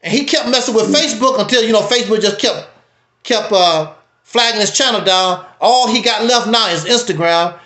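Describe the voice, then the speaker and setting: A man hosting a livestream, talking in a casual, preachy, emphatic way with wide swings in pitch. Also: normal speed, pushed and bright, echoey room. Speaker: livestream host. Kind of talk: casual commentary.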